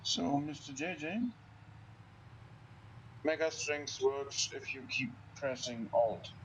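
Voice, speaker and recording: A man's voice: medium pitch, slow, fairly bright tone, a little hiss or hum, rough recording. A man playing a multiplayer game with friends, teasing them and calling the shots. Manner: teasing, bossy organizer. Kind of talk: casual gaming chat.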